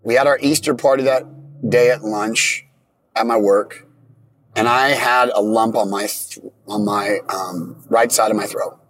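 A man telling his own story in plain, halting casual talk, often restarting his sentences. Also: fairly low pitch, fairly even intonation, fairly bright tone, a little hiss or hum.

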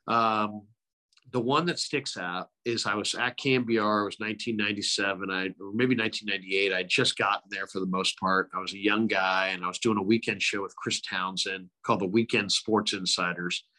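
Bright-voiced middle-aged sportscaster. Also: male voice, on the low side, a little fast. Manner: animated anecdotes, frequent impressions. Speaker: sports radio broadcaster, guest. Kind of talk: casual interview storytelling.

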